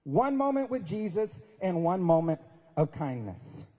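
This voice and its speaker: A man's voice: sits high, sing-song, measured pace, warm tone. A man giving an emphatic, sermon-style speech at a prayer breakfast, mixing preaching with folksy humor. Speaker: guest speaker. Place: large event hall at a university. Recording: long hall reverb.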